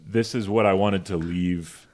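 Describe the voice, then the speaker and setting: A man co-hosting a podcast, asking friendly, halting questions in casual interview chat. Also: sits low, steady tone, darkish tone. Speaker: podcast co-host.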